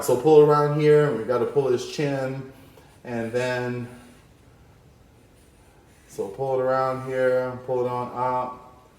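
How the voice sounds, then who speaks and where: A man's voice: mid-range voice, a little mellow, roomy sound. A man teaching a cartoon drawing lesson, upbeat and playful as he talks through each stroke. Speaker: art teacher.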